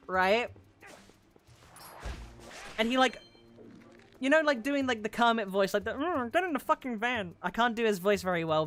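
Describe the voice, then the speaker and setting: A young woman from London chatting casually while streaming a game, swearing freely and now and then breaking into loud yelling. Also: mid-range voice. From London, England. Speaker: VTuber streamer. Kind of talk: casual gaming stream chat.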